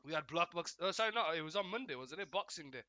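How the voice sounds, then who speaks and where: A man calls a football match live for his stream audience, a little croaky from a cold. His voice sits high and sounds very bright and edgy. The sound is close and dry, with no room around it. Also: no room sound. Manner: chatty, greets viewers often, corrects himself. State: slightly croaky, coming down with a cold. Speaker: football watchalong host. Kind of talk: live football play-by-play commentary.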